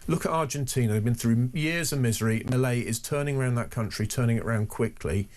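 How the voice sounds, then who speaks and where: A man's voice: mid-range voice, darkish tone. Earnest male political guest on radio. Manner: measured, earnest, hesitant restarts. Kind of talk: live radio discussion.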